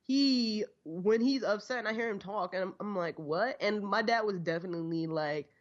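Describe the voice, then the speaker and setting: A woman's voice: medium pitch, normal speed. A young woman from New York chats as a podcast guest, with a mild New York accent. She laughs a lot and her pacing is loose. The recording sounds slightly dull. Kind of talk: casual chat.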